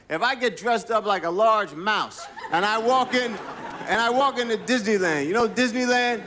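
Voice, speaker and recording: A man's voice: high voice, expressive, moderate pace, sharp tone. A man performing a stand-up comedy set, telling rambling, profane stories with restarts and acting out what people said, on a club stage. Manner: profane, rambling storytelling with restarts and acted-out quotes. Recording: live club recording with audience laughter and faint noise.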